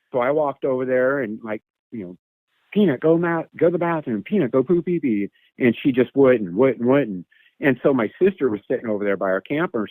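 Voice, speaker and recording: A man's voice: medium pitch, no echo. Man telling a story over a tinny phone line. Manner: animated, imitates animal calls. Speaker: caller sharing an encounter story. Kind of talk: casual storytelling.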